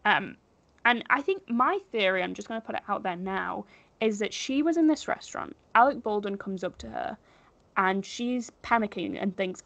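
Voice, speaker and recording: A woman's voice: medium pitch, animated, normal speed, vocal fry, a bit bright, no echo, muffled recording. A woman co-hosting a podcast over a video call, telling a story in casual gossip chat, full of fillers. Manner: chatty storytelling with many fillers. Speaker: podcast co-host.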